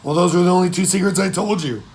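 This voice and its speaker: A man's voice: high-pitched, fast talker, darkish tone, voice pushed up, close to an everyday voice. A man doing an earnest young pirate boy. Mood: exasperated. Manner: urgent, pleading.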